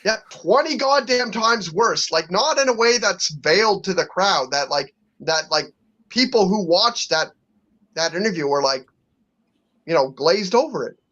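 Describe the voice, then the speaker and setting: A man's voice: sits high, lively intonation, unhurried, fairly bright tone. A man co-hosting a podcast, talking bluntly in rambling casual chat, full of fillers and restarts. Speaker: podcast co-host. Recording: dull lo-fi audio.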